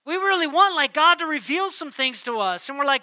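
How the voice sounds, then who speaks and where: A male pastor delivers a sermon in a high, strikingly bright voice, recorded close and dry. He drives his points with emphasis, then drops almost to a whisper. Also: normal speed, hardly any pauses, dry recording. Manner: emphatic, swings between loud declarations and hushed near-whispers. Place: church.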